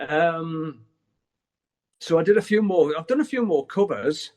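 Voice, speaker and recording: A man's voice: fairly high pitch, animated, unhurried, darkish tone. A middle-aged man, chatting candidly as an interview guest and swearing freely as he rambles. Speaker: guest musician. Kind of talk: casual interview chat.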